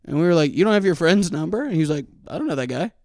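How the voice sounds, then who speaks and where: A young man with a fairly high voice tells a story in casual podcast chat, jumping into the voices of the people he quotes. The sound is dry and close. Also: rapid-fire, no room sound. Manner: animated, acts out quoted voices. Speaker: podcast co-host.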